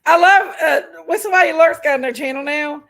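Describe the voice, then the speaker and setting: A woman's voice: high-pitched, fairly quick, fairly bright tone, low-quality recording. A woman hosting a casual livestream, chatty and folksy, greeting viewers by name while feeling unwell with an upset stomach. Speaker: livestream host.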